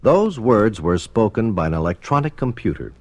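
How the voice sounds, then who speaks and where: A low-voiced man narrates a formal documentary with measured, explanatory pacing and a lively rise and fall. The sound is dry and close. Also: no echo. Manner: measured, explanatory, expressive intonation.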